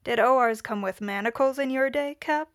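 A woman's voice: high voice, moderate pace, no room sound, studio quality, close to an everyday voice. A woman voicing a brash, wry male inventor who gives clipped, matter-of-fact commands while reading a story aloud. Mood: grim, brisk.

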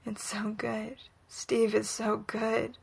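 A woman reading a romantic story aloud in whispered role-play, soft, breathy and unhurried. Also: a little high, flat delivery. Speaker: reader.

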